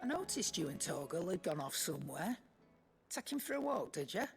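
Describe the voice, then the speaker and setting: Gruff caretaker, teasing and dry, raspy lively voice. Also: female voice, on the low side, fairly quick. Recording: video game audio with music.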